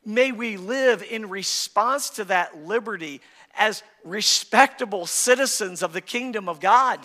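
Man, pastor, sermon, impassioned delivery, high voice, bright tone. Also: big-room sound. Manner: impassioned preaching, voice rising and dropping. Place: church sanctuary.

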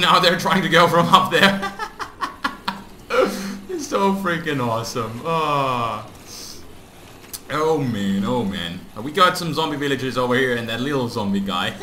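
Casting: excitable male gamer, slow unhurried delivery, bright tone, lively pitch, echoey room. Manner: excitable, exclaims often, talks to game mobs. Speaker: gaming YouTuber. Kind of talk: casual Let's Play commentary. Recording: echoey room, faint background noise.

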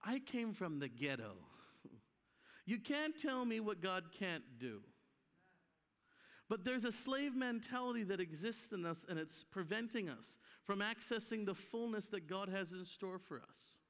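A man's voice: high voice, measured pace. A man from Canada telling stories in a sermon at a church conference, acting out the voices of people he quotes. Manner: animated, acts out quoted voices. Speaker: conference speaker. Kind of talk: storytelling sermon. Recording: echoey hall reverb.

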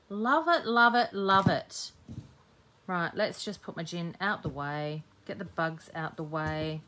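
A woman's voice: lowish voice, a bit bright, a little hiss or hum. A woman hosting a live-streamed crafting demo, chatting cheekily with her viewers as she works. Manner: chatty, cheeky, talks while working. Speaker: scrapbooking host.

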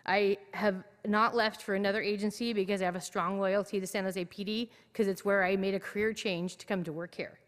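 A woman who works as a police dispatcher, giving an earnest, steady public comment to a council committee at a podium microphone. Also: mid-range voice, fairly quick, hardly any pauses. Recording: echoey council chamber.

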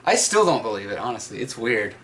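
A speaker in a casual chat, often chiming in with quick agreement. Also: mid-range voice, big pitch swings, noisy background.

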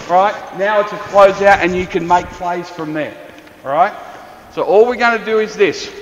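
A male basketball coach with an Australian accent, running an on-court clinic with quick, encouraging instructions to players. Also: high-pitched, noisy background. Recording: echoey gym, dull lo-fi sound. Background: balls bouncing, faint gym ambience.

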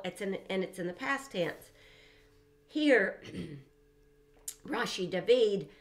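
An emphatic woman teaches scripture verse by verse, in a voice of ordinary pitch. She stresses key words by saying them again and again. She drops quiet exclamations between passages as she explains them. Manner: emphatic, repeats phrases for stress, exclaims softly between readings. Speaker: Bible study teacher.

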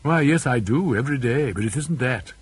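A man puts on a whimsical young aristocratic student in a storybook reading, light and teasing with a petulant streak. The voice is husky, and the pitch sits in a middling register. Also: animated, a little fast.

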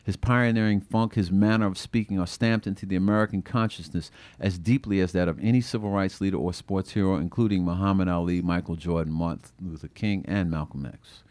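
Author reading his book aloud, low voice, dry close sound, animated storytelling. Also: a little fast, few pauses, no echo. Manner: expressive, acting out the quoted voices. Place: bookstore reading event.

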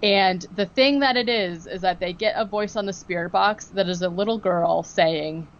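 A woman podcast co-host chats casually as she recaps an episode, mid-pitched, slipping into acted-out quotes and peppering her talk with "like" and "um". The recording sounds a little dull and lo-fi. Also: normal speed. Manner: animated storytelling, acting out quotes, many fillers like "like" and "um".

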